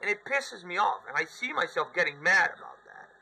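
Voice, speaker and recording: Slightly hoarse man rambling about games. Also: high voice, big pitch swings, a little fast, poor audio. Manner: rambling and candid, with mock shouted outbursts. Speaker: gaming vlogger. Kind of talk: casual gaming vlog. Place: room at home, sitting on a couch.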